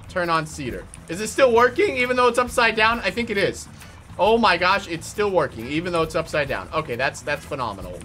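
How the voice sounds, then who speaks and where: A young man giving excited, jokey gameplay commentary as a YouTuber, often shouting when things go wrong. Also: fairly high pitch. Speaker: gaming YouTuber.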